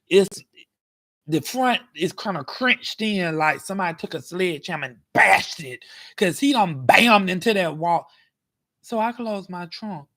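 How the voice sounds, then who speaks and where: A man telling a story in a casual vlog, animated and dramatic, acting out the scene. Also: sits high. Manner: animated, dramatic, acts out scenes with cries and shouts. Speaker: vlogger. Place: parked car.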